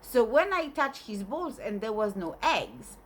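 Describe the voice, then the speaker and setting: A woman's voice: fairly high pitch, very animated, a little slow, a little hiss or hum. A woman voicing a stubborn, foul-mouthed old grandmother who talks in an insistent, matter-of-fact way.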